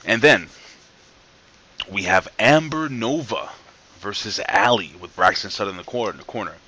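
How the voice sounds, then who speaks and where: Man, wrestling reviewer, casual rambling recap, jokey and profane, tired late-night energy, lowish voice, sharp bright tone. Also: expressive, normal speed, slight background noise. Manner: jokey, rambling, swears, asks off-camera crew.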